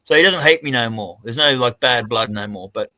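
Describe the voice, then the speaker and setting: A man's voice: medium pitch, brisk, bright, forceful tone, dry recording. An Australian man swearing freely as he tells a rambling story in a casual live-stream chat over a video call. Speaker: co-host.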